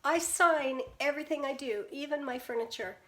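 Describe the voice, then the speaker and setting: A woman's voice: high-pitched, normal speed, bright, forceful tone. An older woman from the Pacific Northwest, a painter chatting casually with viewers on her live stream, greeting them by name and laughing often.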